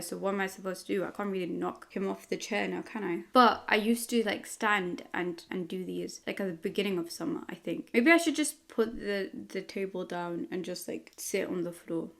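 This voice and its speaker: A woman's voice: medium pitch, creaky, fairly bright tone. A tired woman, a webcomic artist, rambling casually to the camera with lots of filler words in her home studio.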